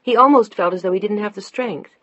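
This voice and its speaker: A woman narrating a novel in a steady, scripted way that turns hushed in tense moments. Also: medium pitch, fairly quick, dry recording, muffled recording. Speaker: audiobook narrator.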